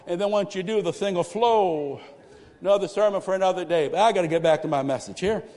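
A man preaching a lively sermon, swinging from loud cries to hushed asides. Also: high voice. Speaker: pastor. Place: church sanctuary. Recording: live church sanctuary with long reverb.

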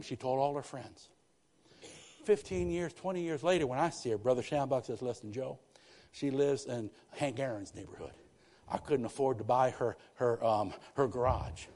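A man as a pastor preaching an emphatic sermon, repeating phrases and swinging between quiet and loud. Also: medium pitch, normal speed.

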